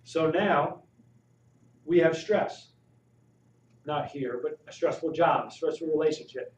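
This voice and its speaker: A man giving a live health talk to an audience, asking them questions with animated emphasis. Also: on the high side, measured pace. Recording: roomy, distant, dull audio with faint noise.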